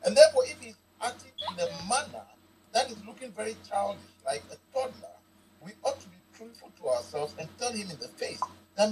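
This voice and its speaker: A Ghanaian man gives forceful political commentary as a guest. He is emphatic and rhetorical, stacking repeated phrases. His voice is fairly high and lively. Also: fairly quick, a little hiss or hum, poor audio. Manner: emphatic, rhetorical, uses repetition.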